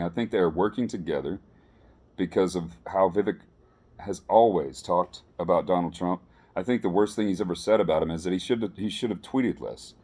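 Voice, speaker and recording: Low-voiced man musing casually. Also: warm tone. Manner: rambling, restarts often, earnest and unpolished. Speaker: vlogger sharing political opinions. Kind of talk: casual spoken commentary to camera.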